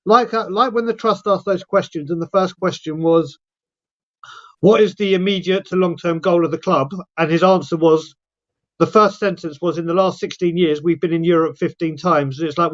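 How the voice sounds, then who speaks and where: A man's voice: sits high, steady tone, moderate pace. A man hosting a casual chat, putting questions to his panel. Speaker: host. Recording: slightly dull lo-fi sound.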